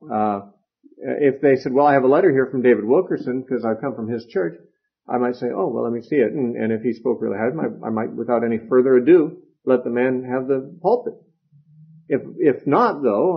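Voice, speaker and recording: Man, Bible lecture, husky voice, conversational with fillers and restarts, dull lo-fi recording. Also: mid-range voice. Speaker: Bible teacher. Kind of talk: lecture teaching.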